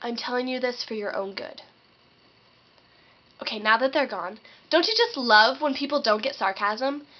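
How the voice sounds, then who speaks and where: A woman's voice: on the high side, expressive, moderate pace. A teenage girl ranting sarcastically in a vlog, acting out what other people say. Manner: sarcastic, acts out quoted voices. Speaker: vlogger. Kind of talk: sarcastic comedic rant. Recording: dull lo-fi webcam audio.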